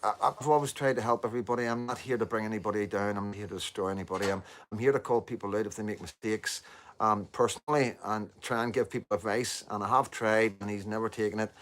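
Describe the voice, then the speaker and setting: A man's voice: fairly low pitch, steady tone, fast, fairly bright tone, a little hiss or hum. A man with a Northern Irish accent talking to viewers on a casual live stream, rambling with lots of repeated fillers and the odd swear word. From Northern Ireland.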